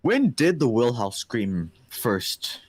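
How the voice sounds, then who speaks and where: A man co-hosting a livestream chats casually while reading a comic, slow but animated and laughing often. His voice is mid-range with no echo.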